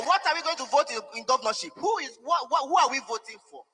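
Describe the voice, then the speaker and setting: A man's voice: very high voice, animated, quick pace, hardly any pauses, bright, forceful tone, big-room sound, poor audio. A young man, giving an emotional, pleading and defiant public statement at a press conference. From Nigeria.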